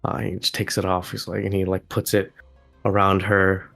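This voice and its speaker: A man at a tabletop game explains what his character does. His voice sits on the lower side. He talks loosely, with plenty of fillers. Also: flat delivery, moderate pace, creaky, fairly bright tone, faint music behind. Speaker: player. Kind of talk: casual chat at a game table.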